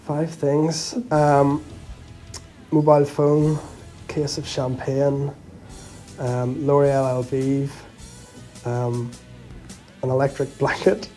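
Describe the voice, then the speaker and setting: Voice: medium pitch, level tone, slow, warm tone, faint music behind, poor audio. A Northern Irish politician answering light interview questions hesitantly, with many ums.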